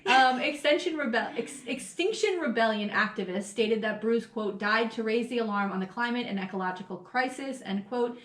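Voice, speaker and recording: A woman's voice: fairly high pitch, moderate pace, few pauses, fairly bright tone. A woman co-hosting a podcast in casual chat, blunt, swearing freely and laughing often. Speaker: podcast co-host. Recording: roomy echo.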